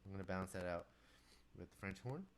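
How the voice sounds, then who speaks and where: A man with a stuffy nose and a deepened, congested voice chats to live-stream viewers while composing, rambling and easily distracted. He talks quickly, and there's a little hiss or hum.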